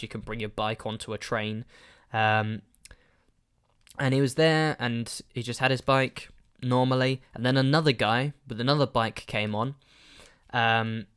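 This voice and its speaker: A man's voice: medium pitch, smooth. Brief: male podcast host, rambling casual storyteller. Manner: rambling, animated, lots of fillers.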